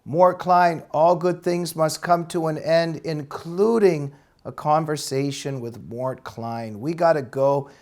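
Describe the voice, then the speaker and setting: Canadian male host, slightly higher pitch, effusive sign-off. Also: fairly even intonation, slow pace, a little mellow. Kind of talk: interview sign-off.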